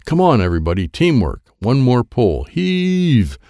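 A man's voice: on the low side, big pitch swings, normal speed, creaky, no echo, studio quality. A man doing a firm, commanding karate sensei. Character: calm, commanding male karate teacher.

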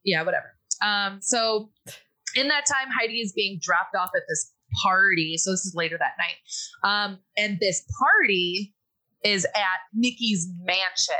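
A woman's voice: medium pitch, unhurried, sharp tone, low-quality recording. A woman hosting a casual podcast, recapping a movie in a chatty way, laughing often and briefly acting out the characters' lines. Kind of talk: casual chat.

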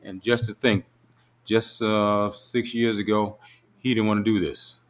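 A man's voice: fairly low pitch, flat delivery, unhurried. A middle-aged man, a father, teasing and easygoing in casual family chat.

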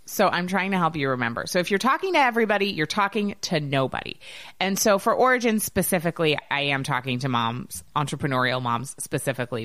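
A woman's voice: deep voice, a bit bright, no room sound. A woman in her thirties co-hosting a podcast, chatting in an upbeat, bubbly way. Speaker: podcast co-host. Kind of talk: casual podcast chat. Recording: dry close recording.

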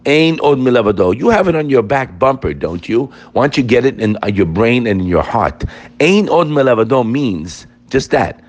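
Animated man giving an emphatic Torah class. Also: mid-range voice, moderate pace. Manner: animated and emphatic, addressing listeners directly.

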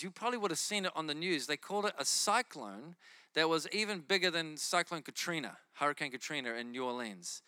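Man, preacher, testimony storytelling, animated, bright forceful voice, dry close sound. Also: on the high side, no room sound. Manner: animated, laughs while telling stories.

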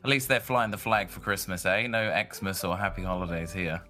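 A man's voice: low voice, a little fast, sharp tone, faint music behind. A man co-hosting a podcast, chatting casually in an easygoing, jokey, slangy way. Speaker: podcast co-host. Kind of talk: casual chat.

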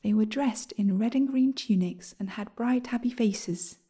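A woman reading a children's story aloud, speaking gently and softly, often slipping into a whisper. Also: on the high side, a little slow, husky.

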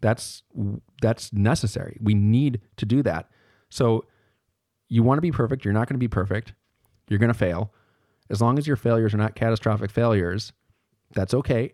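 Male podcast lecturer, lowish voice, casual and conversational, self-correcting, dry close sound. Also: darkish tone, no echo.

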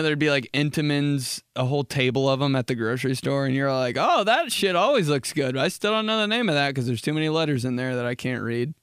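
A young man hosting a podcast, rambling in a casual comic monologue, swearing freely and acting out quick mock exchanges. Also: mid-range voice, a bit bright, smooth, dry recording, clean studio sound. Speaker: podcast host.

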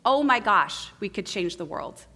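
A woman giving a sermon as guest preacher, earnest and conversational, asking her listeners many questions and tagging points with a quick "right?". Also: medium pitch, expressive, vocal fry. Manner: intimate, asks the congregation many questions; earnest, swings between soft and emphatic.

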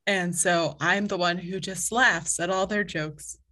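A woman's voice: on the low side, steady tone, unhurried, bright, forceful tone. A woman co-hosting a podcast, chatting casually and rambling, with lots of fillers and frequent laughter. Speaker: podcast co-host. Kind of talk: casual chat.

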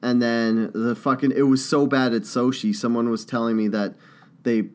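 Guy cohosting a podcast, rambly and jokey, swears a lot, average pitch. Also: flat delivery, moderate pace. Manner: rambling, profane, joking. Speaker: podcast co-host. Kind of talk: casual chat.

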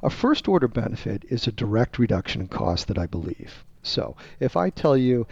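Gravelly man explaining on a podcast. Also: medium pitch, sing-song, moderate pace, few pauses, a little mellow, dry recording. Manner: emphatic, teacherly, acts out sample dialogue. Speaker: guest, research firm executive. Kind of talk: explaining sales method on a podcast. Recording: dull lo-fi dry sound.

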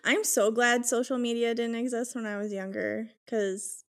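A woman with a fairly high voice joins a casual podcast conversation. She talks in a playful, teasing way. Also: flat delivery, normal speed. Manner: playful, mock-threatening banter. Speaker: podcast co-host. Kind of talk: casual chat.

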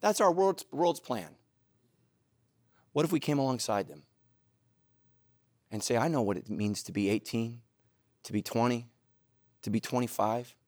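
A middle-aged man preaching a sermon, telling stories animatedly, moving between loud excitement and low, earnest intensity. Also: unhurried, long pauses, no echo, clean studio sound. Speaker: pastor.

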